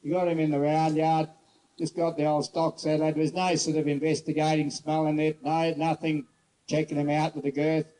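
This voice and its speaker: A man horse trainer giving a casual outdoor demonstration, telling stories bluntly and coaxing a horse softly. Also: on the high side, flat delivery, moderate pace, low-quality recording. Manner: casual, rambling, blunt storyteller; soft coaxing talk to the horse. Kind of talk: demonstration lesson with storytelling.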